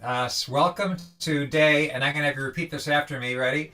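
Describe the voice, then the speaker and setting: A man hosting a daily online singalong, greeting viewers by name in casual, halting talk with many restarts over a video call. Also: fairly high pitch, fairly even intonation, sharp tone. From Vermont.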